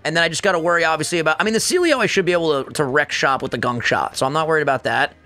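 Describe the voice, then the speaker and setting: A man giving casual, excitable commentary while playing a video game against a friend, trash-talking as he goes. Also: soft background music. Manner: excitable, trash-talking, quick pitch jumps. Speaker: co-host gamer.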